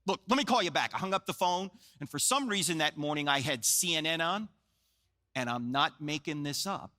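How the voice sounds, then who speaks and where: A man in his sixties from New Jersey delivers a live talk, telling stories and cracking jokes between questions to the audience. His voice sits high and very bright. His pitch swings widely. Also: lively intonation, fairly quick. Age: 60s. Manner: joking, storytelling, asks the crowd questions. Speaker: Christian apologetics speaker.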